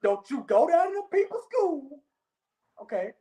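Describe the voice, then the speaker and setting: A woman co-hosts a casual sports podcast in a high, mellow voice. Her pitch leaps around as she spins stories, laughs, and keeps checking in with "okay?". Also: measured pace. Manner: animated storyteller, keeps repeating okay, laughs often. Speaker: podcast co-host.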